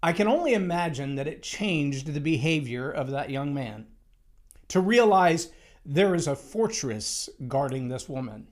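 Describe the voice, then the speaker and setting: A man gives a motivational talk on leadership, speaking emphatically and telling stories while acting out the quotes in them. His voice sits on the high side, unhurried, with lively intonation.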